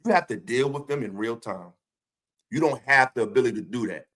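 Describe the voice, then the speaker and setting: A man's voice: mid-range voice, animated, a little fast, fairly bright tone. A man hosting his own stream, delivering a profane, confrontational rant full of taunting rhetorical questions. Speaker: streamer host.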